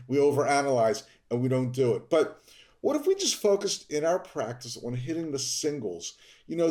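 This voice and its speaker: A man from Baltimore hosting a podcast, delivering an upbeat scripted monologue that stresses key words with sudden rises in pitch. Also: a little mellow. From Baltimore, Maryland. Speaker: podcast host, dentist.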